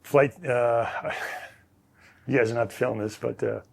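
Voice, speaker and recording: A man, a former quarterback, telling stories as an interview guest in a relaxed, rambling way with many fillers and restarts. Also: mid-range voice, a little slow, creaky, slightly rough. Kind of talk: casual storytelling.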